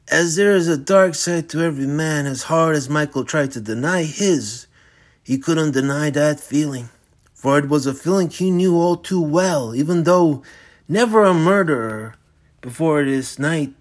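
A man's voice: fairly high pitch, a little slow. A man reading his own crime novel aloud, telling the story in an intense, gritty way. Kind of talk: dramatic audiobook narration.

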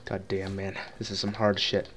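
A man's voice: low-pitched, completely flat delivery, normal speed, fairly bright tone. A man co-hosting a gaming video, laughing a lot and swearing as he mocks his own skills in casual banter over a headset. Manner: laughing often, profane, self-mocking. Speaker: gaming channel co-host.

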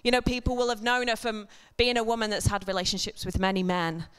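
Speaking fast in a mid-range voice, this woman keeps a level tone that sounds a bit bright, clear and resonant. She's a church speaker offering a conversational sermon at a service, full of jokes about herself and humorous digressions.

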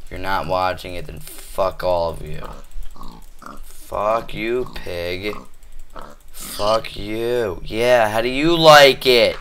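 A man playing a video game on his own channel, swearing constantly and trash-talking the animals in it, switching between shouting and muttering. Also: lowish voice, takes it slowly, a little hiss or hum. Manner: flips between angry yelling and muttering. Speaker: gamer. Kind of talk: cursing let's play commentary.

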